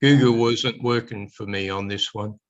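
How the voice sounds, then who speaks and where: A man's voice: on the low side, steady tone, normal speed, muffled recording. A man in a class asking, hesitantly and a bit puzzled, about a word. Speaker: class participant.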